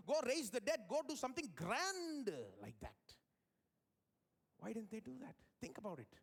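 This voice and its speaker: Male pastor, high tenor, animated live sermon, big pitch swings. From India. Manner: animated preaching, sweeping swings in pitch and loudness. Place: church service.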